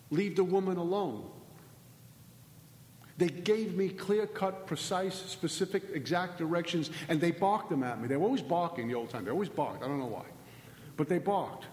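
Middle-aged man, slightly high voice, emphatic recovery-meeting speaker, preachy and repetitive; echoey hall. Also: a little mellow. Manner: emphatic, preachy, repeats phrases and rhetorical questions. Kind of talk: impassioned recovery talk. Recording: echoey hall with long reverb.

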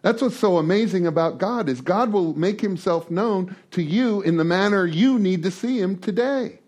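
A man's voice: high voice, normal speed, darkish tone. A man speaking informally to a recovery group, joking and repeating words as he thinks aloud. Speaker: speaker leading a twelve-traditions study series.

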